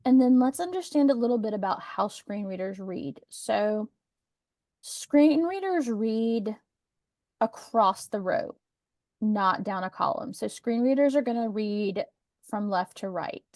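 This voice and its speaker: A woman's voice: medium pitch, animated, unhurried, darkish tone, no echo. Chatty woman teaching a webinar. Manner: chatty, practical explainer with sarcastic asides. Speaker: webinar presenter. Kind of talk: teaching webinar on document accessibility. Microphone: video call.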